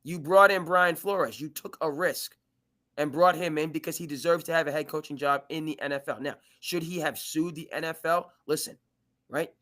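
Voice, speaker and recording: Sports talk host, male, high and bright voice, animated debater who restarts his sentences a lot. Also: moderate pace. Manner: animated, restarts and stammers often. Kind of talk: live sports debate chat.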